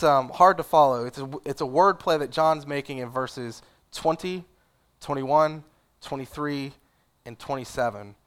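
A man preaching a sermon in an easygoing, conversational way, using casual asides and fillers. His voice is smooth and resonant, pitched in an ordinary middle range. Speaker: pastor.

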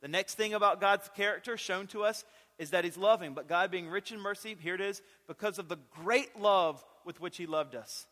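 Preacher, male, bright forceful tone, emphatic repetition, echoing hall. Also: high-pitched, normal speed. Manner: emphatic, repeats key phrases. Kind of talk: sermon. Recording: long reverb of a large hall.

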